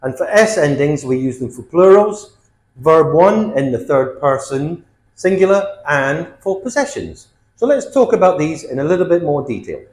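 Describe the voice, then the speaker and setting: A man's voice: on the high side, expressive, moderate pace, darkish tone. A man teaching an English grammar lesson, explaining word endings with emphatic examples and checking in with frequent "okay?" questions. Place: based in Thailand. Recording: roomy echo, faint music.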